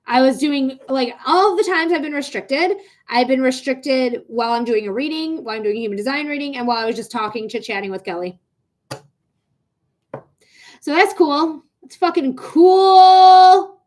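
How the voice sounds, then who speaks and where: A woman's voice: high voice, quick pace. A young woman hosting a live psychic reading stream, chatting casually with viewers and venting her frustration with plenty of swearing. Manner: frustrated, swearing, talking to chat.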